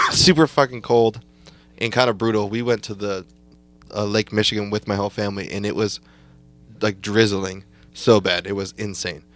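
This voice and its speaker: Low-voiced young man telling rambling stories. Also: steady tone, moderate pace, fairly bright tone, soft background music. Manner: rambling, swears often, laughs through stories. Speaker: podcast co-host. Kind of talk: casual storytelling chat.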